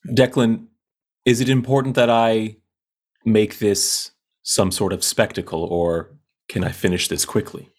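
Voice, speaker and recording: A man's voice: fairly low pitch, little pitch movement, a little slow. A man playing a tabletop game, speaking in a dry, matter-of-fact way. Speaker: player. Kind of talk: casual tabletop play.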